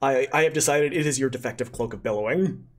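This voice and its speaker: A game master narrating a tabletop game on a live stream, talking haltingly with many fillers and thanking donors. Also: medium pitch.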